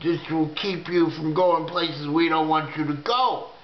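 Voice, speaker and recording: A man's voice: on the high side, fairly even intonation, measured pace, echoey room, lo-fi sound, slight background noise, voice pushed down, lightly acted. A man voicing a menacing male alien abductor who scolds his captive in a stern, threatening way. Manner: stern, repeats "boy" to scold.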